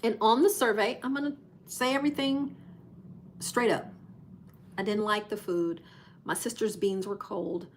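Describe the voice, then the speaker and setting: A woman's voice: medium pitch, unhurried, pauses often, slight background noise. A woman hosting a live cruise channel, telling a story casually and acting out the voices of the people in it. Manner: animated storyteller who acts out quoted voices.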